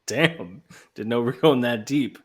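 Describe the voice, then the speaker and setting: A man's voice: medium pitch, lively intonation, measured pace, husky. Easygoing joking male podcast co-host. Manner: joking, swearing, quotes wrestlers in put-on voices. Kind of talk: casual podcast chat.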